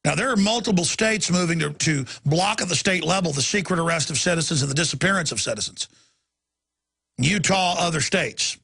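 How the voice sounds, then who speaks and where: A man hosting a talk show launches into a heated, emphatic rant. His voice is gravelly and raspy, with a tense, sharp edge. It sits a little higher than most men's. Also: brisk. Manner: angry, ranting, heated and emphatic. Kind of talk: impassioned talk radio rant.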